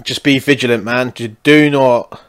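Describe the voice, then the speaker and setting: A man's voice: medium pitch, fairly even intonation, moderate pace, clean tone. Rambling, sweary man. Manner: sweary, rambling, lots of fillers. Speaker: podcast co-host. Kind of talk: casual advice chat.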